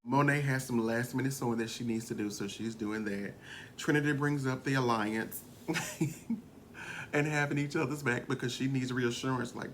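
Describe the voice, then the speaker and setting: A man giving a casual, gossipy recap of a reality show, animated and quick to laugh as he tells it. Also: medium pitch, a little hiss or hum. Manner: gossipy and animated, often laughing, slips into quoting.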